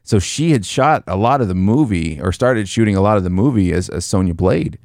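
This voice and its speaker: A man's voice: fairly low pitch, expressive, a little fast, darkish tone, no echo, studio quality. A man chatting casually about a movie as a podcast co-host, rambling loosely and swearing freely.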